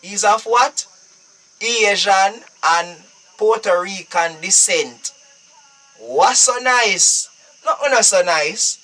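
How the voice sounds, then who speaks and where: A man's voice: high-pitched, takes it slowly, sharp tone, distant mic. A Jamaican man talking casually on a live stream, preachy and emphatic, repeating his phrases.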